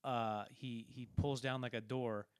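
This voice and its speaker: A man's voice: mid-range voice, fairly even intonation, measured pace, clean tone, no room sound. A man casually talking through a film, rambling and acting out quoted lines as he retells scenes. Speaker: podcast co-host.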